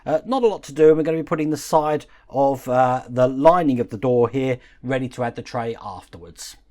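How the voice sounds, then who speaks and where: A man hosting a model-building channel, calmly explaining each step of the build while he works with his hands. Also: medium pitch, fairly quick.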